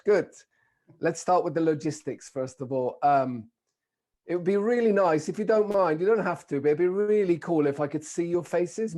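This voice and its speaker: A middle-aged man with a British accent, giving a lively, playful keynote talk over a video call. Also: a little high. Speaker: keynote speaker. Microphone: video call microphone.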